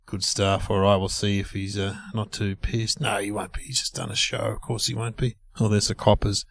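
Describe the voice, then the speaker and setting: A man's voice: lowish voice, flat delivery, moderate pace, a bit bright. Chatty Australian man talking in a car. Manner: laughing, chatty banter. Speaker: podcast host. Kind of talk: casual chat while driving. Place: moving car.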